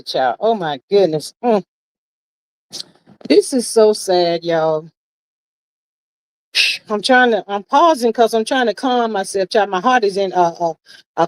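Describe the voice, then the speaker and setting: A woman's voice: mid-range voice, no echo, low-quality recording. A woman hosting a livestream, reading viewer comments aloud and reacting with emphatic, exasperated commentary. She sighs often and keeps calling her listeners "child" and "y'all".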